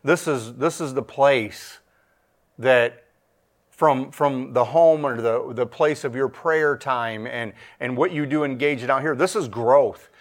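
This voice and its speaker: A man's voice: mid-range voice, slow pace. Emphatic man preaching a testimony. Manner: emphatic, repeats himself, voice swells and drops. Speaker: church speaker giving testimony. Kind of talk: sermon testimony.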